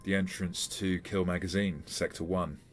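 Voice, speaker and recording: Man, game master, very low voice, halting narration, faint background music. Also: little pitch movement. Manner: hesitant, many fillers and restarts.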